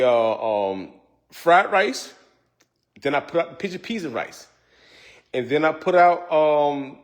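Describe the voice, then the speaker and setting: A man hosting a casual cooking livestream, joking and laughing often as he chats to viewers. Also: mid-range voice. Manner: loose, joking, laughs often, says y'all. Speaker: cooking show host.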